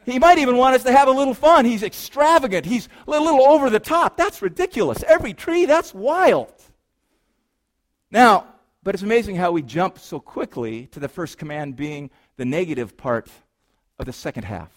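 A man with a high voice delivering a sermon to his congregation. He is playful and animated, dropping to a hush on serious lines and climbing into loud, excited exclamations. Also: moderate pace. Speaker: pastor.

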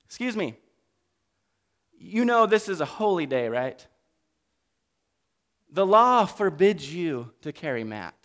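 Guy putting on a fussy rule-quoting religious leader, scolding, high voice. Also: sing-song, slow pace, long pauses, fairly bright tone, full character voice. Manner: officious, scolding. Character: stern, nitpicking male religious leaders.

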